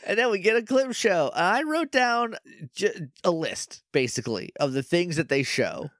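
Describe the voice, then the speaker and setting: A man's voice: sits high, very animated, normal speed, a bit bright, no echo, clean studio sound. A young man co-hosting a podcast, rambling through a recap in casual chat and acting out lines in silly voices. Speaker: podcast co-host.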